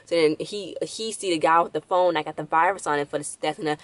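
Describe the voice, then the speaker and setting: A woman's voice: sits low, fast, no echo. A woman giving a rambling, casual recap of a TV episode with lots of fillers and restarts. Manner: rambling, loose retelling with many fillers and restarts. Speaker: episode reviewer.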